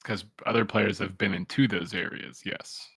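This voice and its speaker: A man's voice: lowish voice, steady tone, normal speed, a bit bright, breathy edge, no room sound, clean studio sound. A man running an online tabletop game as game master, explaining rules patiently with lots of filler words.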